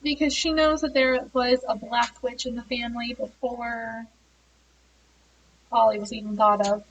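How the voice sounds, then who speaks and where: A woman's voice: a little high, fairly even intonation, measured pace, distant mic, highs cut off, a little hiss or hum. A woman reviewing a book, retelling its plot in a chatty way with frequent laughs and fillers.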